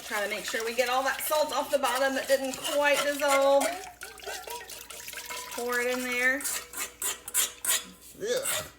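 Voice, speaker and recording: A woman's voice: high voice, takes it slowly, long pauses. A woman in her thirties, a mother, giving cheerful, patient step-by-step instructions to kids while cooking at home. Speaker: mother hosting a kids' science video. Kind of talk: casual instructional chat to kids. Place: home kitchen. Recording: echoey kitchen with clear background noise.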